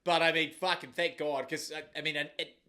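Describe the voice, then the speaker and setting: A man's voice: a little high, fairly even intonation, a little fast, pushed and bright. A man co-hosting a podcast, trading crude, laid-back banter full of swearing. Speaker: podcast co-host. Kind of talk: casual banter.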